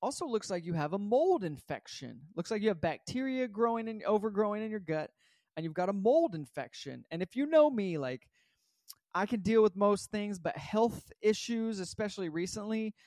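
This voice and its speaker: A young man telling a personal story in a casual, animated way, acting out his own reactions and often asking "right?". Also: sits high, normal speed, no room sound, studio quality. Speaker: vlogger.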